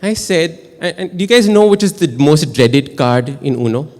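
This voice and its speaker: A man with an Indian English accent telling a personal story at a live storytelling show, chatty and animated, often asking the audience questions. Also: a little high, normal speed, big-room sound. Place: stage in a performance hall.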